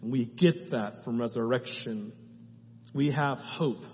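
A man's voice: medium pitch, measured pace, a little hiss or hum. A male pastor preaching a sermon in a passionate, conversational way, asking his listeners question after question. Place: church sanctuary. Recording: reverberant hall, slightly dull sound.

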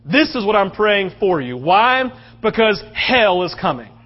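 A man preaching a sermon as pastor, passionate and swinging between loud outbursts and hushed stretches. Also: sits high, big pitch swings, measured pace, muffled recording.

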